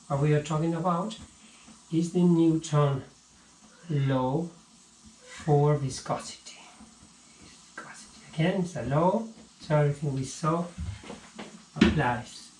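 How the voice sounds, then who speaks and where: A man teaching a casual physics lesson, halting and repeating words as he explains, recorded on an action camera at home. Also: on the high side, a little mellow, a little hiss or hum. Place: home room. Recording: echoey room with faint ambience.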